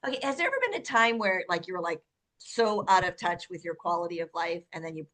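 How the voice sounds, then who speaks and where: A woman's voice: lowish voice, animated, a little fast, a bit bright. A woman hosting a casual interview chat, bubbly and enthusiastic, often using "like" and "right?". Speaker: host.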